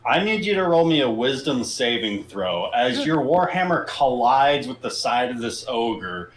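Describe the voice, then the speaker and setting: A man's voice: medium pitch, big pitch swings, unhurried, roomy sound, rough recording. A man narrating a tabletop game as game master, describing the action dramatically.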